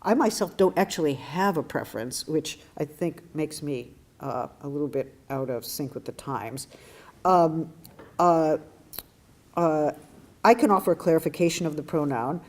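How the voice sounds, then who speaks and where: Woman lecturer with a deep voice; reflective, self-deprecating, halting delivery. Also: a little mellow. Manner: thoughtful, wry, self-deprecating storyteller; frequent restarts and hesitations. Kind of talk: academic lecture with personal anecdote.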